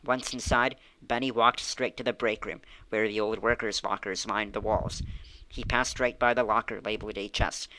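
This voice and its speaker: A man reading a children's mystery book aloud, with clear, even storytelling. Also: on the low side, moderate pace, low-quality recording. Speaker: audiobook reader.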